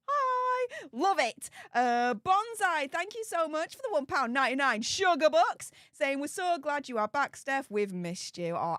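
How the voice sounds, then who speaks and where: A woman's voice: high voice, a bit bright, no room sound, studio quality. A woman hosting a live stream, reading out super chats and thanking viewers over and over in a bubbly way. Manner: bubbly, repeats thanks many times.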